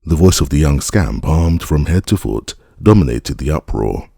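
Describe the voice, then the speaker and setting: Very deep gravelly male narrator. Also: expressive, moderate pace, few pauses, a little mellow, no echo, clean studio sound. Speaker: audiobook narrator. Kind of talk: scripted narration of a classic novel.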